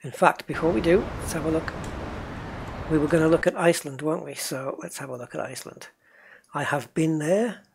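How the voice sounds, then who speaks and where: A man with a higher voice and some vocal fry talks briskly, with a little hiss or hum in the audio. He runs a gaming channel and, with a faint northeast English accent, chats casually while driving in a truck game and responding to chat.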